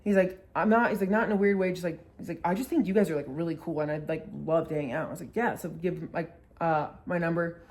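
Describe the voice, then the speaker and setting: A woman's voice: lowish voice, steady tone, fast, hardly any pauses, a little mellow. Chatty young woman telling a story. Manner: chatty, swears a lot, acts out quotes. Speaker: vlogger. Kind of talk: casual storytelling.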